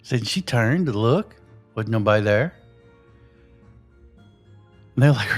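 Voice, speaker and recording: A man's voice: mid-range voice, animated, slow pace, soft background music. A man, the show's host, casually telling a ghost story in a rambling way with lots of fillers. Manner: rambling, full of "you know" fillers.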